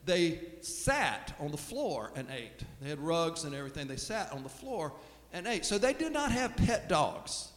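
A man preaching a sermon in a relaxed, storytelling way, often restarting his sentences, recorded in a church sanctuary. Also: a little high, moderate pace. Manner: conversational storytelling, with frequent restarts. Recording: echoey hall with long reverb.

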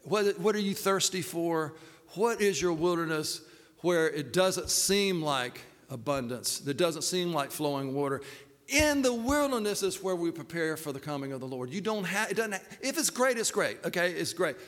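A man's voice: a little high, lively intonation, normal speed, a bit bright, big-room sound. An older man, a pastor giving a personal, earnest sermon with hesitant fillers.

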